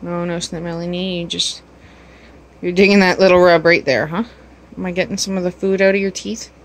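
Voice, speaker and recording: A woman's voice: on the low side, fairly even intonation, moderate pace, a little hiss or hum. A woman at home talking to her pets in a teasing, sing-song baby-talk voice. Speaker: pet owner filming her animals. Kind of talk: casual pet talk.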